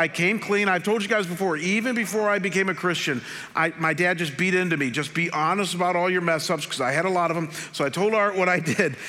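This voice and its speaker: Man, pastor, story-driven sermon, slightly high bright voice, long church reverb. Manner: animated storyteller, acts out quotes.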